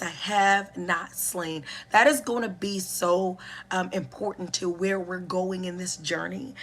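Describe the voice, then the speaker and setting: Slow, deliberate woman with a bright voice. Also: medium pitch, slightly rough. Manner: deliberate, repeats and stresses key phrases. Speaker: educator and healer. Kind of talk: reflective spiritual teaching monologue.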